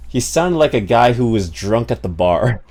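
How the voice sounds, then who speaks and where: A man's voice: mid-range voice, big pitch swings, normal speed, a little mellow. A man streaming a game, chatting casually and joking, rambling with many fillers. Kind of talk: casual live-stream chat.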